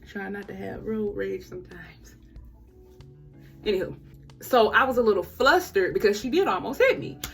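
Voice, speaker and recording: Woman telling a story, expressive. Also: medium pitch, normal speed, vocal fry, long pauses, breathy edge, soft background music. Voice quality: expressive, acts out conversations with quoted voices. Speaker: vlogger. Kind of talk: casual storytelling vlog.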